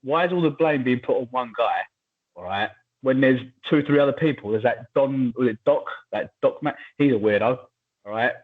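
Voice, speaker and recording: Husky man chatting over a tinny line. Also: medium pitch. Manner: chatty, animated, quick asides. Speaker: podcast co-host. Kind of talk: casual chat.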